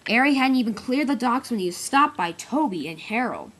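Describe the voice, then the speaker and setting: A woman's voice: fairly high pitch, expressive, brisk, hardly any pauses, fairly bright tone. Young woman casually narrating a toy-train tale. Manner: casual, with small slips and restarts. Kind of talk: homemade toy-train storytelling.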